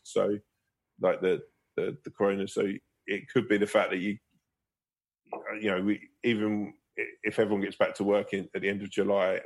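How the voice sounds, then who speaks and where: A man, a guest comedian, telling rambling anecdotes in a casual interview, laughing and swearing as he goes. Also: fairly low pitch.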